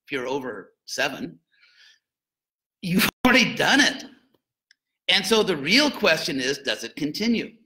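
An older man giving an informal, conversational lecture to students as a spiritual teacher, with joking asides and animated emphasis. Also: a little high, unhurried, long pauses, slight background noise, rough recording.

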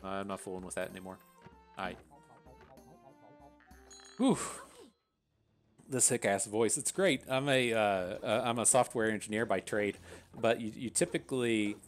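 A man's voice: on the low side, measured pace, long pauses, faint music behind. A man from West Virginia with a thick Appalachian accent, chatting casually and rambling through gameplay commentary, swearing freely. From West Virginia, USA. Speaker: gaming channel host.

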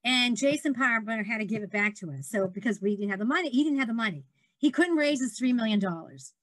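A middle-aged woman telling stories in casual conversation, animated and laughing often, acting out the people she quotes. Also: a little high, fast talker, dry recording. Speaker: guest entrepreneur.

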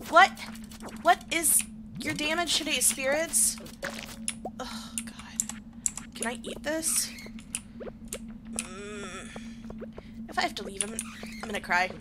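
A woman's voice: high voice, animated, slow, pauses often, heavy background noise. A young woman giving casual, self-deprecating commentary while playing a game, laughing often. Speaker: gaming video creator. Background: keyboard clicks and typing.

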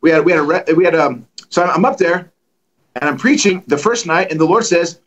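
A middle-aged man preaching, telling testimony stories in an animated way and acting out the dialogue. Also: fairly high pitch, fairly quick, lo-fi sound. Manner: animated, acts out dialogue with lively voices. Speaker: guest preacher. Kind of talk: storytelling testimony.

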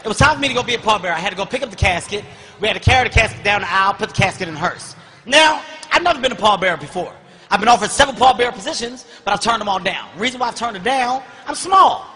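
A man performing a stand-up comedy routine, telling a story animatedly and often shouting, recorded live on stage. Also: high voice, lively intonation, very fast, long reverb tail, slight background noise. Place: comedy stage before large audience.

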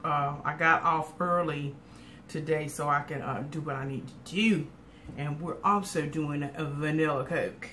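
A woman's voice: deep voice, steady tone, a little slow, background noise. A woman, chatting casually with viewers in a folksy cooking and eating vlog from her home kitchen. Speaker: cooking vlogger.

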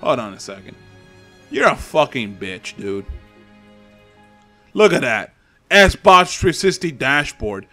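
A man's voice: mid-range voice, sing-song, slow pace, pauses often, bright, forceful tone, faint music behind. A young man with a Spanish accent giving loose, profane, trash-talking commentary while he plays a fighting game online. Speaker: gaming channel host. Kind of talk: live gameplay commentary.

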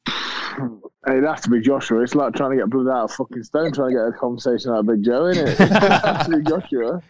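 A man's voice: mid-range voice, a little fast, low-quality recording. A male boxer guesting on a podcast, talking casually, blunt and swearing, laughing easily. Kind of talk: casual chat.

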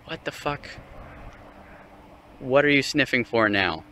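Out on a dog walk, a young male vlogger rants casually, swearing often, mocking things and laughing at his own profanity. His medium-pitched voice is expressive, pushed and bright, and he talks slowly. A little background noise can be heard.

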